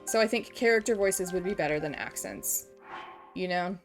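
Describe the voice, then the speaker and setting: A woman's voice: fairly low pitch, moderate pace, faint music behind. A woman in her twenties from Kansas with an American accent, chatting casually on a live stream in a self-deprecating, giggly way. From Kansas, USA.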